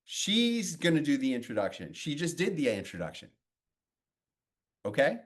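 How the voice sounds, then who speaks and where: Male media coach, fairly high voice, blunt and animated, swears casually while telling stories. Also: moderate pace. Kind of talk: coaching session with storytelling.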